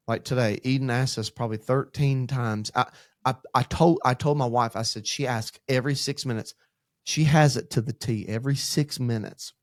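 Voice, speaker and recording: Dad rambling through church podcast talk. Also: male voice, mid-range voice, normal speed, no echo, clean studio sound. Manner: rambling, animated storytelling with acted-out quotes. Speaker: church podcast co-host, pastor in training. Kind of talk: casual faith discussion.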